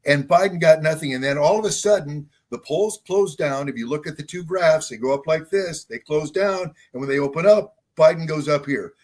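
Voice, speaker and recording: A man's voice: fairly high pitch, moderate pace, few pauses, a little mellow. An older man, a local party chair, speaking as a guest on a political talk show in an insistent, repetitive way. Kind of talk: political interview.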